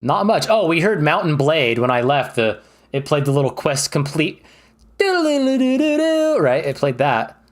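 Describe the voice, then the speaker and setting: A man streams while ranking games, chatting casually and enthusiastically with plenty of fillers and restarts. His voice is on the high side at normal speed, and the livestream commentary is chatty and rambling.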